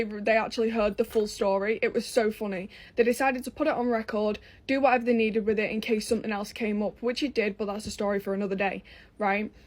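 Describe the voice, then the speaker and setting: A young woman with an English accent telling a personal story in a casual, blunt way, swearing freely, exasperated and amused. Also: fairly high pitch.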